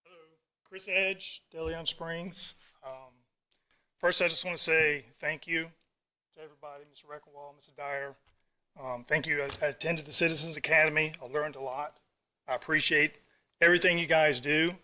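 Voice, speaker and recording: A middle-aged man giving an earnest, halting public comment at a council meeting, fighting back emotion. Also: a little high, steady tone, bright, forceful tone. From Virginia Beach area, US.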